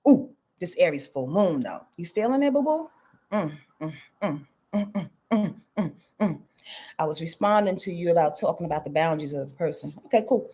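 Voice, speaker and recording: A woman astrologer giving lively, slangy live-stream readings, answering viewers by name and swearing freely. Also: mid-range voice, moderate pace, breathy edge. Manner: animated, slangy, swears freely, reads viewer comments aloud.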